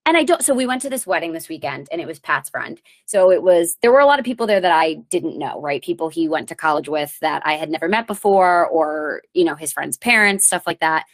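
A thirty-year-old woman and comedian hosting her podcast, chatting casually with a rambling, self-mocking manner and sudden animated bursts. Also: low voice, brisk, few pauses. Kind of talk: casual solo chat. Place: lives in New York.

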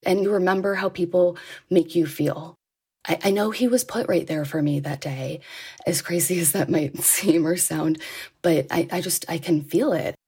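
A woman tells a personal story in an earnest way. Her voice is husky and gravelly and sits a little low. She laughs softly between phrases. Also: normal speed. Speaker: interviewee sharing a personal story.

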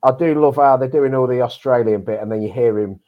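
A man's voice: mid-range voice, fast talker, narrow, tinny audio. An English man co-hosting a football podcast, chatty and full of fillers. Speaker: podcast co-host. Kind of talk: casual football chat.

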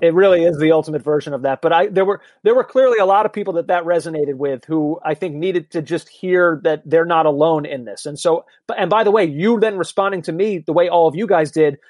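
A man's voice: on the high side, fairly quick, hardly any pauses, darkish tone, no room sound. A man co-hosting a podcast, chatting in an easygoing, reflective way. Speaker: podcast co-host. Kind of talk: casual chat.

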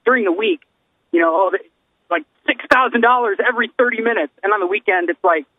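A man's voice: sits high, fast talker, no room sound, narrow, tinny audio. A man co-hosting a podcast, talking in a casual, earnest, rambling way. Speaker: podcast co-host. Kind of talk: casual chat.

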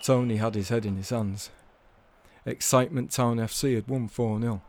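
Man, deadpan, measured comic storytelling. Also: mid-range voice, dry recording. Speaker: storyteller guest.

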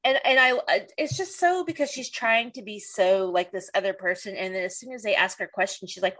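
A woman's voice: brisk, hardly any pauses, a bit bright. Chatty woman who laughs a lot. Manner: laughs often, acts out lines in high voices. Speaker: podcast host. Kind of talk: casual chat.

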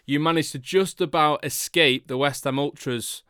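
A man's voice: a little high, moderate pace, bright, forceful tone, clean tone, no echo, studio quality. A man hosting a football podcast in casual chat, teasing his guests jovially and steering the conversation. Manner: teasing, jovial, leads the talk. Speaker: podcast host.

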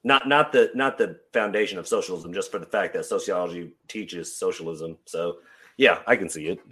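A man's voice: low voice, moderate pace, a bit bright, breathy edge. A man co-hosting a casual podcast chat, joking along in an easygoing way. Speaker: podcast co-host.

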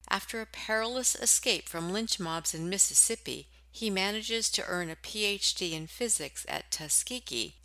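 Female announcer, lowish voice with a bright, crisp edge, polished promo read. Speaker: program announcer. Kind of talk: scripted introduction.

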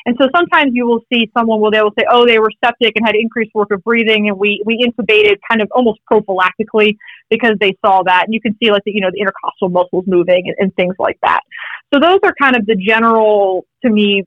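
A woman, a critical care pharmacist, explains clinical topics in an interview, brisk and peppered with wry jokes. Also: mid-range voice, no echo, muffled recording. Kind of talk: teaching interview talk.

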